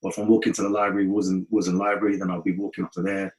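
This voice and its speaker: Fast-talking London man telling stories. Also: low voice, low-quality recording. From North West London. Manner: animated, acts out quoted voices, fast rambling. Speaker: guest musician. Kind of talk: casual storytelling interview.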